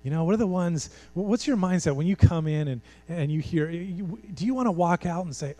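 Mellow-voiced pastor preaching conversationally. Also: male voice, high-pitched, quick pace, few pauses. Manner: conversational and emphatic, with rhetorical questions. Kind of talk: sermon.

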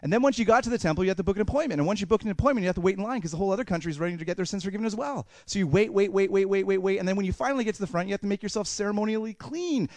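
Preaching a sermon, an animated male pastor voices the thoughts of people in the story, swinging between loud bursts and hushed asides. He has a high voice, talks very fast with few pauses, and the recording is dry.

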